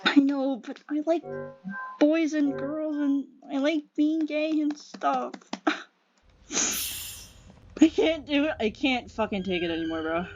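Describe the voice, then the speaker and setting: A woman's voice: high-pitched, slow, long pauses, darkish tone. A young woman playing a video game, frustrated, swearing and laughing at her own failures. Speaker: gamer. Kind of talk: casual gameplay commentary. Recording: dull lo-fi mic with game music. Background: game music.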